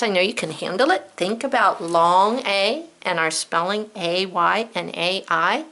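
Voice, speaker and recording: A woman's voice: medium pitch, bright, forceful tone. A woman teaching a spelling lesson to children, spelling words out letter by letter and thinking aloud in an encouraging way. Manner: thinks aloud, talks to herself.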